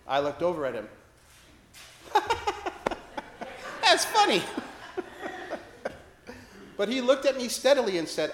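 A man's voice: high voice, wildly swooping pitch, measured pace, long pauses, fairly bright tone, reverberant. A man preaching a sermon as a priest, telling a story with wry, self-deprecating humor.

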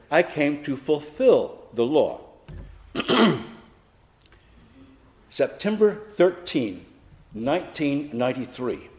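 A man delivering a sermon at a slow, deliberate pace. His slightly high voice rises and falls a great deal as he tells a personal story. His manner is reflective, with touches of gentle humor. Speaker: preacher.

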